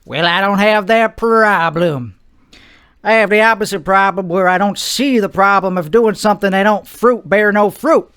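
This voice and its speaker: A man hosting his own podcast, rambling through a comic monologue in a slow, drawling put-on voice. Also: sits high, fairly bright tone, clean tone, no echo, clean studio sound. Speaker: podcast host.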